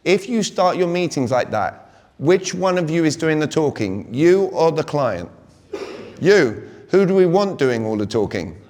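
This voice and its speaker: A British man in his forties delivers a lively sales seminar, keeping the crowd engaged with constant questions. His voice sits a little high. It carries with a long reverb through a large venue. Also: measured pace. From Britain. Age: 40s. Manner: energetic, keeps quizzing the audience. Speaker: conference speaker. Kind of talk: live motivational sales talk. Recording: long reverb of a big hall.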